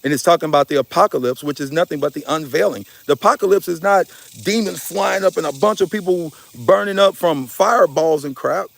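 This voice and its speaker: Gravelly man preaching spiritual talk. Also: a little high, brisk, hardly any pauses, a bit bright. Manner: emphatic, preachy, addresses listeners as y'all; swearing, casual slang. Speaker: spiritual speaker. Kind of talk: impassioned spiritual talk to an audience.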